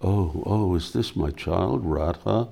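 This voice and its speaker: A stern elderly female ascetic, voiced by a man reading a devotional drama aloud. The voice sits extremely low, with a gravelly creak, and moves slowly. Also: warm tone, exaggerated voice.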